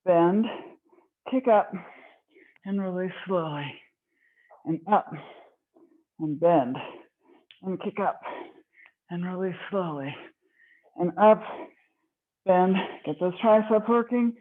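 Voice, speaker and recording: A woman fitness instructor leading a live online workout class, slightly out of breath, encouraging and counting reps. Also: mid-range voice. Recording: tinny phone-like online call audio.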